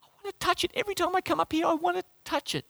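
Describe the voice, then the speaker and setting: A man voicing a tempted churchgoer in a high, hushed, yearning voice. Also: fairly even intonation, rapid-fire, gravelly, no echo, full character voice. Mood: longing.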